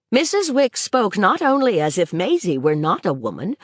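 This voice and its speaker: A woman narrating a classic novel as an audiobook in a measured reading style, dropping her voice low and soft on the speech tags. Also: wildly swooping pitch, slightly rough, dry recording, clean studio sound. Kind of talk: scripted literary narration.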